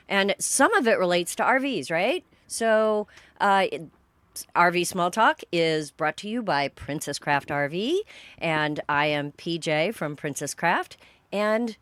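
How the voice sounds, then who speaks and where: Brief: Texan woman host, lively swooping pitch, dry close sound. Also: dry recording. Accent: Texas. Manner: animated, enthusiastic. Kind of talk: casual interview.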